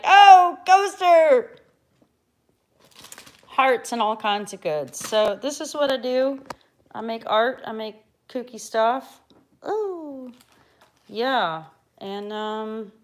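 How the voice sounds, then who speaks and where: A middle-aged American woman hosting a craft livestream in a chatty, rambling way, dropping to soft mutters and then bursting out loud. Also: a little high. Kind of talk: casual live-stream chat.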